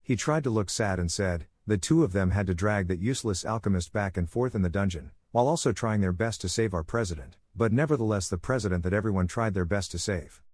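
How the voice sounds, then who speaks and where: A man's voice: lowish voice, fast, hardly any pauses, darkish tone, no echo. A man reading a comic story recap aloud, voicing every character's lines in the same narrating voice.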